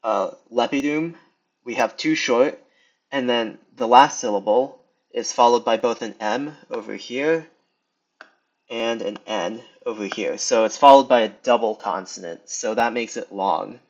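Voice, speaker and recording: A young man talks through a casual lesson at an unhurried, halting pace, filling gaps with ums and restarting sentences. His voice sits in a middling register. The recording sounds a little dull and lo-fi. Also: medium pitch. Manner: hesitant, many ums and restarts. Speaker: video tutor.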